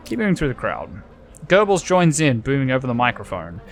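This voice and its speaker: A man's voice: medium pitch, very animated, brisk, a bit bright, slight background noise. A man playing a story game, reading its text aloud and adding casual, offhand comments. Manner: casual, offhand, muttering asides. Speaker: gamer.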